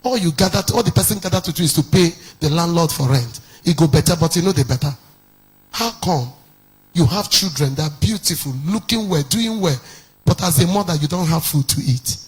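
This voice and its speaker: A man preaching a sermon, firing off rhetorical questions and rising into shouted decrees. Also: on the high side, lively intonation, fairly quick, breathy edge. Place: church.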